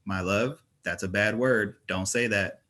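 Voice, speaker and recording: A man's voice: lowish voice, measured pace, pushed and bright. A man reading aloud voices a playful twenty-year-old father who acts mock-stern with his children.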